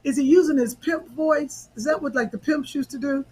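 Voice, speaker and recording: A woman co-hosting a comedy podcast, teasing her partner in quick casual banter. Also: sits high, a little mellow, rough recording. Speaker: podcast co-host.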